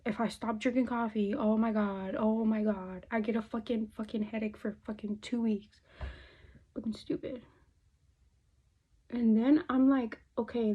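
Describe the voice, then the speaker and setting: A woman's voice: fairly high pitch, mellow, breathy edge. A young woman vlogger doing her makeup and chatting casually, swearing often and dropping into Spanish phrases. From United States. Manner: chatty, loose, swears a lot, slips into Spanish. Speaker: beauty vlogger. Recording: dull lo-fi phone audio.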